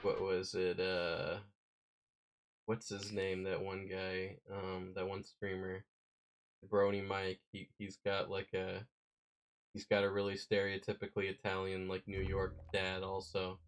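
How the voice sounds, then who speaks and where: A man in casual stream chat, animated and swearing a lot while telling stories. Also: deep voice, a little slow.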